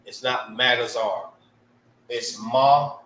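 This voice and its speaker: A man's voice: mid-range voice, fairly even intonation, takes it slowly, a bit bright, echoey room, recorded from a distance, slight background noise, poor audio. A man teaching a casual language lesson, spelling out sounds and often checking in with "right?".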